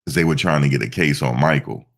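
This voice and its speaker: A man's voice: a bass voice, quick pace, gravelly, a bit bright. A stuffed-up man hosting a casual live stream, rambling through stories with lots of fillers. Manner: rambling storytelling with many fillers.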